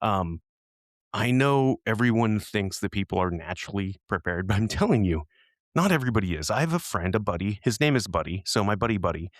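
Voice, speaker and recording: A man's voice: on the low side, sing-song, fairly quick, no room sound, clean studio sound. A man co-hosting a podcast in casual chat, talking in a rambling, easygoing way and laughing easily. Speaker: podcast co-host.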